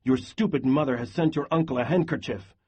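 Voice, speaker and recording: A man's voice: mid-range voice, fairly quick, a little mellow, breathy edge, lightly acted. A man doing a harsh, scornful soldier.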